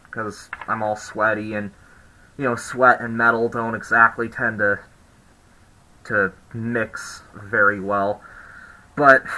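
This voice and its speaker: A man's voice: medium pitch, bright, forceful tone, low-quality recording. A young man vlogging, telling a story in a rambling, sarcastic, exasperated way. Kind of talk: casual storytelling to camera.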